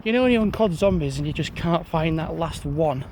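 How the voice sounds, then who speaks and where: A man's voice: fairly high pitch, lively intonation, brisk, a little mellow, a little hiss or hum. A young man, rambling casually to his phone while out on an evening walk uphill. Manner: rambling, chatty monologue. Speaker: vlogger. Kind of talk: casual walking vlog.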